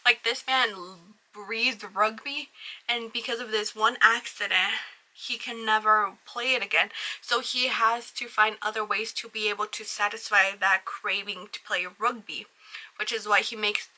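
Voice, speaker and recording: A woman's voice: medium pitch, measured pace, low-quality recording. A young woman hosting an anime video, recapping and reviewing a show in a rambling, gushing way and leaning constantly on "like". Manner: rambling, leans heavily on "like" as filler; gushing and excitable.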